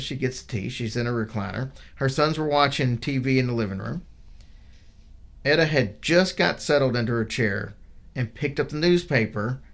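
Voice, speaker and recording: Guy telling a spooky true story on a podcast, medium voice, slows down for the big moments. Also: medium pitch. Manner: steady, measured delivery, slowing for dramatic moments. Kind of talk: storytelling from notes.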